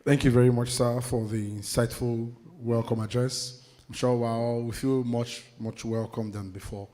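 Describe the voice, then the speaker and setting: A man's voice: medium pitch, steady tone, normal speed, warm tone, big-room sound. Chatty male conference emcee. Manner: chatty, joking, with laughs. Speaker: master of ceremonies. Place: conference hall.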